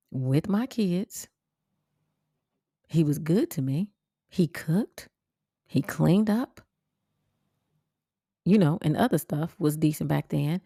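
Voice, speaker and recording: A woman hosts her podcast in a blunt, swearing, animated way, leaping into sharp high exclamations. Her voice sits low and mellow with a gravelly fry. The recording is dry and close. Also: dry recording. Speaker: podcast host. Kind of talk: casual storytelling monologue.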